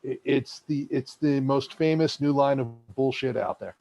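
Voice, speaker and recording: A man's voice: mid-range voice, moderate pace, creaky, darkish tone. A man co-hosting a podcast, making blunt points in casual chat.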